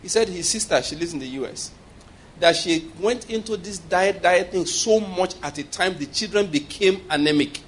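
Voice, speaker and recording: A man's voice: high voice, normal speed, a little hiss or hum. A man preaching a sermon with humor, often laughing and calling for responses from the congregation.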